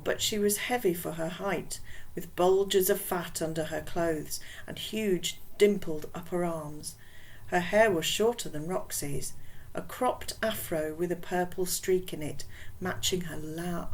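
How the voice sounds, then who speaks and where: A woman's voice: fairly low pitch, poor audio. Woman reading a children's novel. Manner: casual, chatty. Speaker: reader.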